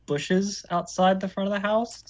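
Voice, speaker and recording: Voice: mid-range voice, steady tone, measured pace, darkish tone. A player in a tabletop game who talks hesitantly and swears when the rolls go badly. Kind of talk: casual tabletop play. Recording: dull lo-fi mic.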